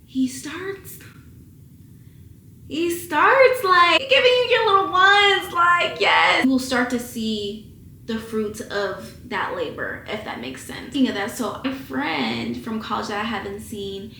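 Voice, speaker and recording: A vlogger in her twenties with a fairly high, bright voice, lively intonation, vocal fry, and a forceful tone, taking it slowly. She speaks to camera at home indoors like a big sister giving a pep talk, candid, emotional, swearing casually. The sound is echoey with a faint hiss.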